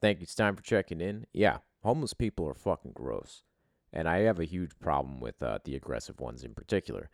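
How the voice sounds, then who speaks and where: A blunt man hosting a podcast casually and swearing freely. His voice is very deep. The sound is dry and close. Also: animated, a little fast, vocal fry, no echo. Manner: blunt, profane opinions. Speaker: podcast host.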